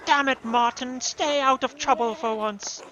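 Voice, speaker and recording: A man's voice: extremely high pitch, unhurried, sharp tone, dull audio, a little hiss or hum, pitched above the performer's own voice, heavily acted. A man voicing a stern middle-aged village mother who scolds sharply in exasperation. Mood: scolding.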